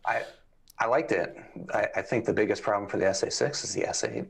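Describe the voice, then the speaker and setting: A man appearing as a guest reviewer on a live stream, talking casually and in a measured way, often repeating words as he starts. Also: fairly low pitch, vocal fry, slightly rough.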